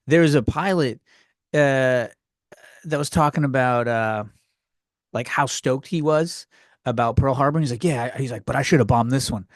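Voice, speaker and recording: A man with a voice on the high side hosts a solo comedy podcast, drifting scattered from one thought to the next and mocking himself. The studio sound is clean with no echo.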